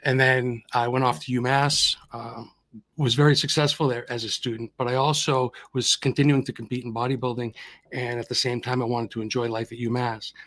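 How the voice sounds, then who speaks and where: A man's voice: mid-range voice, level tone, fairly quick, fairly bright tone. A man in his thirties from Massachusetts, a podcast guest telling his personal story in an earnest, reflective way. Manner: earnest, reflective, with frequent restarts.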